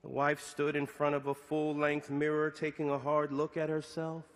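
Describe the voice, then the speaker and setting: A middle-aged man preaching a sermon framed as a prayer to God, with slow deliberate pauses and rising questions. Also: a little high, monotone, long reverb tail.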